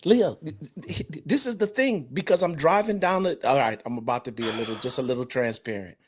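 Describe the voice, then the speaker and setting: A man from North Carolina telling a personal story in a casual group chat, animated and repeating words for emphasis. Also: a little high, a little fast, husky. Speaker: panelist.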